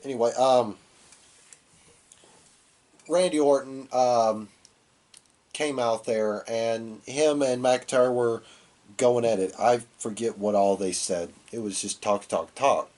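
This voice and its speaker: A man's voice: medium pitch, fairly even intonation, slow pace, pauses often, a little mellow. A man with a cold talks through last week's wrestling show, rambling and loose. His voice sits in the middle range. He coughs now and then and slips into little voices for the quotes. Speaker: podcast co-host. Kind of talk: casual wrestling recap.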